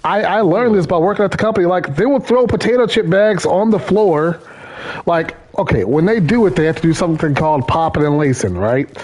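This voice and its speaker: A gaming channel host with a high-sitting, slightly mellow voice talks a little fast while he plays. He chats casually and rambles, repeating his words as he goes.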